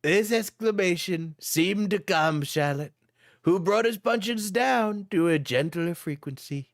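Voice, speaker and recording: A man's voice: high voice, takes it slowly, dry recording, clean studio sound. A young man, a streamer, reading fanfiction aloud for laughs and often cracking up. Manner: amused, often breaking into laughter.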